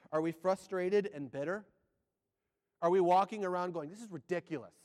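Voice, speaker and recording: A man preaching a sermon, firing rhetorical questions and swinging between loud and hushed delivery. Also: sits high, big-room sound.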